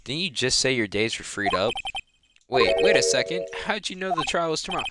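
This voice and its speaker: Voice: mid-range voice, big pitch swings, a little fast, heavy background noise, close to an everyday voice. A streamer reading an earnest young lawyer. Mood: pressing. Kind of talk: reading game dialogue aloud. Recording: loud game music behind.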